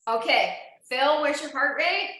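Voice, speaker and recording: Woman cycling coach calling out to riders by name, bright and sharp tone, lots of room echo. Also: high voice, a little slow. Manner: encouraging, checks in on riders by name. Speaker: indoor cycling instructor. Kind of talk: live online fitness class coaching. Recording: very echoey room.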